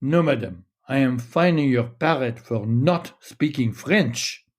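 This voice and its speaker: A man's voice: medium pitch, animated, moderate pace, darkish tone. A man reading the part of an officious government compliance inspector with a grave, stiff delivery.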